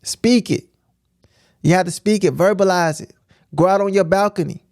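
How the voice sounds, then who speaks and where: A man with a fairly high voice gives informal preaching on a livestream, punchy and repetitive, often pausing to ask "right?". His voice is close and dry, with no room sound. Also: a little mellow, no echo. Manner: emphatic, repetitive, keeps asking "right?". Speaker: streamer teaching scripture.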